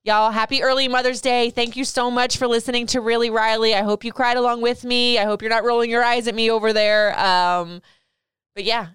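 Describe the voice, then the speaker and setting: A woman's voice: on the high side, fairly bright tone, clean tone, no room sound, studio quality. A young woman hosting a podcast, speaking emotionally and tearfully as she gives advice to her young son, then thanks her listeners. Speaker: podcast host. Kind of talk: heartfelt podcast monologue.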